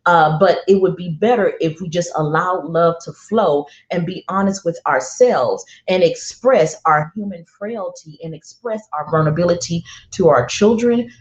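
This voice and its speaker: Middle-aged woman telling a heartfelt story. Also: fairly low pitch. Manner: emphatic, slow and deliberate with heartfelt repetition. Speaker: parenting speaker. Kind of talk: personal storytelling monologue. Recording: roomy, dull lo-fi sound.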